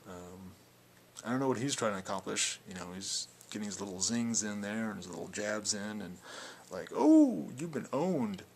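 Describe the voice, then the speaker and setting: A young man speaks in a low, gravelly voice, his delivery rambling and full of filler words. He sounds defiant as he addresses critics directly, and a faint background hiss sits under the recording. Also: steady tone, normal speed, fairly bright tone. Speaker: video blogger. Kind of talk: casual spoken response video.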